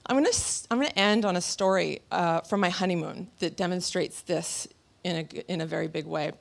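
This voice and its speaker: A woman in her thirties giving a motivational talk on stage before a live audience, telling stories with animated energy and laughter. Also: on the low side, fairly quick, gravelly. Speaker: motivational speaker.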